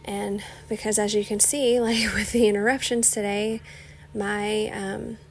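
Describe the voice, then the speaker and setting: A young woman hosting a casual solo podcast, rambling with lots of "like" and "you know", sometimes dropping into soft whispery asides. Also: mid-range voice, little pitch movement, a little slow, creaky. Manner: rambling, chatty, many "like" and "you know" fillers. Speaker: podcast host.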